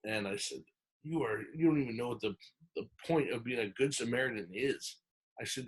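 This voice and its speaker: A man's voice: medium pitch, fairly quick, slightly rough. Podcast guy rambling through a story, acts out what everyone said, lots of um and like. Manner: animated retelling, acts out quoted lines; rambling with many fillers and restarts. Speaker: podcast host telling a story. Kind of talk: casual storytelling.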